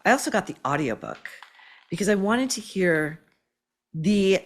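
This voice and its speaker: A woman's voice: medium pitch, sing-song, a little slow. A woman hosting a podcast, giving blunt, profane, sarcastic pop-culture commentary, full of "like" and "okay?". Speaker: podcast host.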